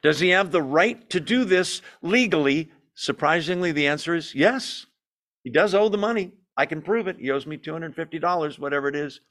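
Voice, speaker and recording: A man with a somewhat high voice leads an evening Bible study. He teaches with lively emphasis, often stops to put questions to the group, and now and then pokes fun at himself. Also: a little fast. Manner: self-deprecating asides.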